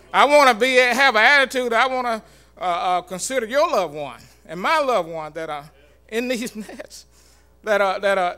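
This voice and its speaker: Earnest male church speaker, high bright voice, halting informal sermon. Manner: earnest, halting, many fillers and restarts.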